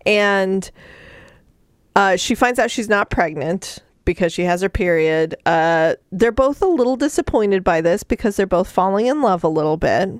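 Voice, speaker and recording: A woman's voice: medium pitch, expressive, normal speed, dry recording, studio quality. A woman co-hosting a podcast, casually retelling a book's plot with sarcasm and mock voices. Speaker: podcast co-host recapping a book. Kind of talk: casual chat.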